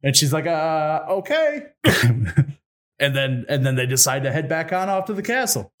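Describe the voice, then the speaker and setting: Brief: slightly high-voiced man, podcast co-host spinning a folk tale with crude jokes. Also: fairly bright tone. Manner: irreverent, swears, fast retold dialogue. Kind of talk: casual comic storytelling.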